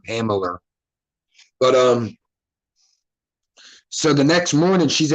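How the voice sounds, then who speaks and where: A man's voice: mid-range voice, rough recording. Rambling, profane man telling stories. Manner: loose, rambling, profane and self-interrupting. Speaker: podcast host. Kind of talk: casual storytelling to viewers.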